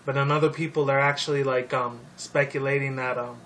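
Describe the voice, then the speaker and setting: A young man rambling casually about a video game series, swearing often and filling pauses with ums and likes. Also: mid-range voice, flat delivery, fairly bright tone. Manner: profane, rambling, many fillers. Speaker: video commentator. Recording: distant mic with faint noise.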